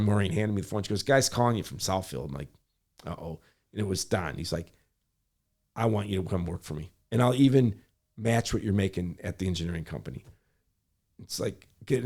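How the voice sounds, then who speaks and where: A middle-aged man from Michigan speaks in a somewhat low voice as a guest in a conversation. He tells a story with animation, slipping into the voices of the people in it. He often restarts and corrects himself mid-sentence. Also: darkish tone. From Michigan, USA. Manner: acts out quoted voices, rapid self-corrections. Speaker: guest, public servant.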